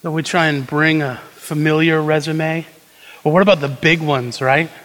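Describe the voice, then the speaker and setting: High-voiced man preaching in a reverberant hall. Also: fairly even intonation, moderate pace, fairly bright tone. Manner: conversational, acts out quoted prayers and asides. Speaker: pastor. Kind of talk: sermon.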